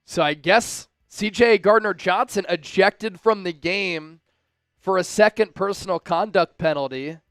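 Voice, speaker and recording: A man hosting a fan livestream, giving excitable live commentary on the game, shouting at big plays and talking directly to his viewers. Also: high voice, measured pace, clear, resonant tone, no echo. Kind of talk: live watch-along commentary.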